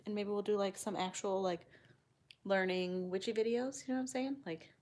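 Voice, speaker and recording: A woman's voice: mid-range voice, fairly even intonation, moderate pace, a little mellow. A woman vlogger in casual chat to the camera, laid-back, sighing often and swearing offhandedly.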